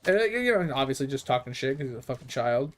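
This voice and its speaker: A young adult man who streams games, telling profane, animated stories in casual chat. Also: medium pitch, quick pace. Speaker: gaming streamer. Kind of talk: casual storytelling.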